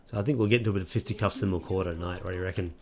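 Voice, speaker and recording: A man casually commentating a game he is playing, talking in a wry, relaxed way with plenty of fillers. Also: sits low, racing. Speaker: let's play host.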